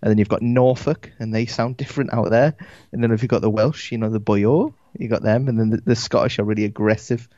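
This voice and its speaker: A man with a Geordie accent chatting casually on a podcast, halting with lots of restarts. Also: fairly low pitch, steady tone, dark tone, no room sound. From Newcastle area, England. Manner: halting, many restarts and fillers. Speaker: guest podcaster. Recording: dull, lo-fi sound.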